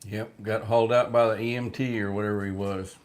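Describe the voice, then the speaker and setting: Man, low-pitched, folksy, joking, casual livestream chat. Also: level tone, fairly quick. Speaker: livestream co-host.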